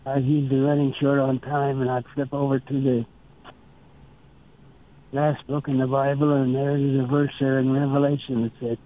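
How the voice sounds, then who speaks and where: An older man from Nebraska tells earnest stories in an interview, slowly acting out his past conversations. His voice comes through a thin, tinny line, as if on the phone. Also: mid-range voice. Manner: slow, earnest storytelling with quoted dialogue. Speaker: interview guest. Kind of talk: storytelling interview.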